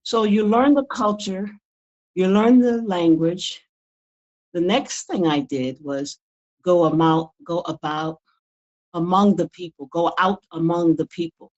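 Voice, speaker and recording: A woman's voice: fairly low pitch, a little slow, a little mellow, highs cut off. An older woman, a guest in a casual interview, talking earnestly and often repeating words as she builds her point. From United States. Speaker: guest author.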